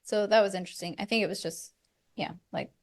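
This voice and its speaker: A woman co-hosting a family podcast in casual chat, talking in a lively way and laughing easily. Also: mid-range voice, fast talker. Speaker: podcast co-host.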